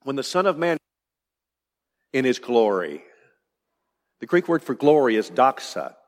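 A man's voice: mid-range voice, big pitch swings, measured pace, in a large hall. A man preaching an expository sermon, emphatic and building to rising declarations.

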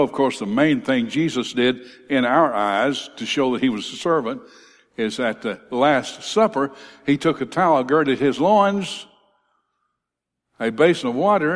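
A man preaches in a church, his voice climbing as he quotes scripture and then sinking low to land the key words. He speaks at an ordinary middle pitch, and a long reverb trails each phrase through the hall. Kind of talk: sermon.

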